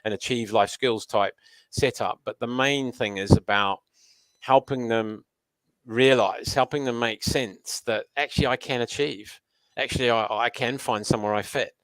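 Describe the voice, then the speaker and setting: A man who runs a youth learning program, speaking as a guest and telling lively anecdotes. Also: mid-range voice, moderate pace, dry recording. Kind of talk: storytelling conversation.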